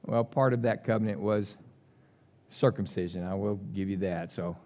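A man's voice: on the low side, moderate pace, lo-fi sound. A man preaching a sermon, joking with the congregation and reading scripture aloud with dramatic voices for complaining crowds. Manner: animated, jokey, reads scripture aloud acting out the complainers. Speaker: pastor.

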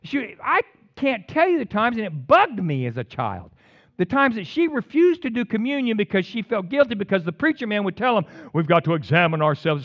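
A man's voice: high voice, very animated, fairly quick, a bit bright, muffled recording. A man preaching a sermon in a fired-up, rambling way, with jokey asides and sudden bursts of emphasis.

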